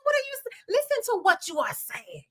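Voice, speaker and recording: A woman's voice: very high-pitched, wildly swooping pitch, moderate pace, fairly bright tone. A woman reverend and host preaching conversationally on a Bible passage, emphatic and colloquial, firing off rhetorical questions. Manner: colloquial, with repeated restarts.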